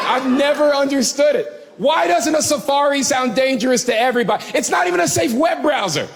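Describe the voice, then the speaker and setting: High, lively man doing stand-up. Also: quick pace, vocal fry, hardly any pauses, long reverb tail, very noisy. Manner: animated, crowd-baiting, swears freely, acts out other people. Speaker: stand-up comedian. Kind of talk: stand-up routine.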